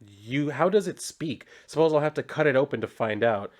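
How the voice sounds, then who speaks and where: A cruel young warlord musing menacingly, as a man puts him on. The delivery is slowed and a little higher than the reader's usual. It stays a casual reading. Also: expressive, lightly acted.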